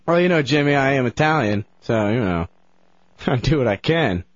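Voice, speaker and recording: Relaxed male radio co-host, animated pitch, slightly dull dry studio sound. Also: normal speed, dry recording. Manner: laid-back, says "man" a lot. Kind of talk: casual radio banter.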